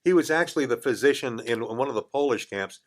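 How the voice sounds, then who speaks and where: Older guy on a podcast telling a story, does little voices for people, middle-pitched voice. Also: fast talker. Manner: lively storyteller, acts out quoted voices. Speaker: podcast guest. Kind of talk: casual anecdote telling. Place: radio studio.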